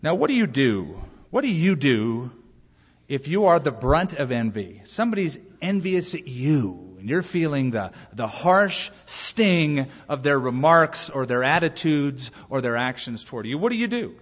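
A male pastor preaching a sermon in a lively way, acting out bits of dialogue between points. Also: mid-range voice, unhurried, breathy edge. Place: church sanctuary. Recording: muffled live recording in a reverberant hall.

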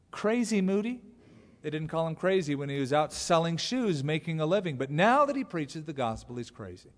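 A man preaching a sermon, animated, acting out quotes in other voices as he goes. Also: mid-range voice. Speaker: pastor. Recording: long hall reverb.

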